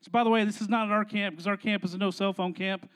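A young man leads a youth service, his voice unusually high and bright in tone. He stays playful and energetic, bantering with kids between skits. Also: fast talker, slight background noise. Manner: playful, energetic, talks to crowd. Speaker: youth pastor. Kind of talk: youth sermon with skit.

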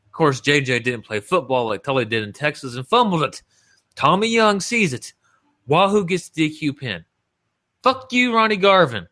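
A man's voice: fairly high pitch, sharp tone. A man co-hosting a podcast, giving a blunt, profanity-laced play-by-play recap of old wrestling matches in casual chat. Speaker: podcast co-host.

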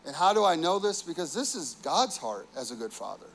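A man's voice: on the high side, big pitch swings, a little fast, fairly bright tone. A man in his thirties, a pastor telling a family story in his sermon, chatty and full of filler words. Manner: chatty, full of "like" and "you know".

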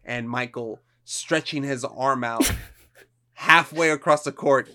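A man co-hosts a relaxed podcast with a bright, clear tone. His pitch sits in the middle of the male range. He talks emphatically and animatedly. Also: unhurried. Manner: animated, emphatic, jumps into high mocking quotes. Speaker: podcast co-host. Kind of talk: casual chat.

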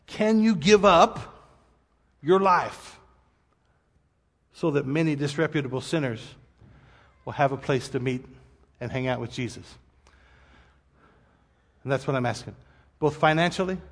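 In a church auditorium, a male pastor gives an earnest, vulnerable, self-deprecating sermon appeal, at times near tears. His voice is fairly high in pitch and resonates in the large hall.

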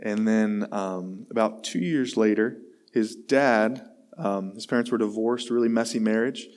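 A man's voice: on the low side, a little slow, a little mellow. A man, a pastor, giving a sermon in a conversational, self-deprecating way, telling a long story and acting out the voices in it.

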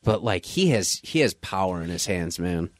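A man co-hosting a podcast in casual chat, telling a story with animated energy and acting out his friends' voices. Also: deep voice, normal speed, dry recording, studio quality. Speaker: podcast co-host.

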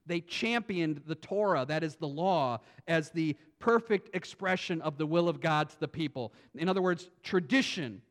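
Man, pastor, sermon, emphatic, dramatic scripture reading, slightly high-pitched. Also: normal speed, few pauses. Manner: animated, emphatic preaching with restarts.

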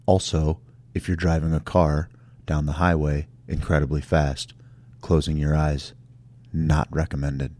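A man leading a guided relaxation script, giving calm, measured instructions with long pauses. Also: a bass voice, dry recording.

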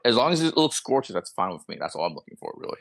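Fast-talking man with a low, lively voice. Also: gravelly, no echo. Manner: talkative, often says "you know what I mean". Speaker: podcast co-host. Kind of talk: casual chat.

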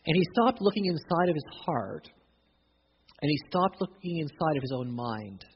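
A man's voice: a little high, big pitch swings, moderate pace, breathy edge. A man preaching a sermon, emphatic, often restarting his phrases. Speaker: pastor. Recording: dull recording, long hall reverb.

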